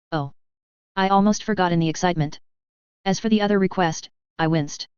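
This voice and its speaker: A woman narrating a first-person story in an audiobook with a steady, even reading. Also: lowish voice, fairly quick, clear, resonant tone, no room sound. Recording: dull, lo-fi and dry.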